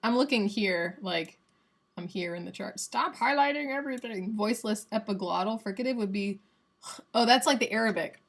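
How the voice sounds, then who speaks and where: A woman's voice: medium pitch, normal speed, gravelly. A young woman with a Southern US accent, casually teaching phonetics on a livestream and sounding out examples aloud. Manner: chatty and playful, demonstrating sounds aloud.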